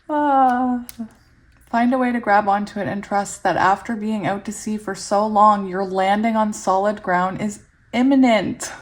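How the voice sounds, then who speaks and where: A young woman giving a casual tarot reading, giggly and excitable, often laughing as she reads the cards aloud. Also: medium pitch, normal speed. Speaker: tarot reader.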